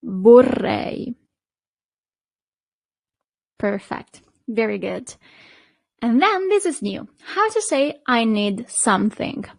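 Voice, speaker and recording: A woman, teaching a beginner language lesson, pronouncing each word slowly and repeating it with brief praise. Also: fairly high pitch, sing-song, no echo. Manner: slow, clearly repeated pronunciation with short praise.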